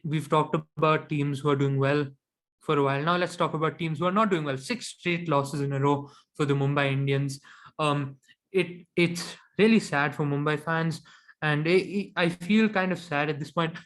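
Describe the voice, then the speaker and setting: A man's voice: a little high, fairly bright tone. A man co-hosting a cricket podcast, giving opinionated, analytical takes in casual chat.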